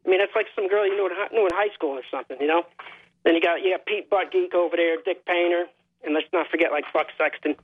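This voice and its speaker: Wry high-voiced male caller on the phone. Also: fast talker, slightly rough. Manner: wry, joking, rambling. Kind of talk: call-in radio chat. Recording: tinny phone line.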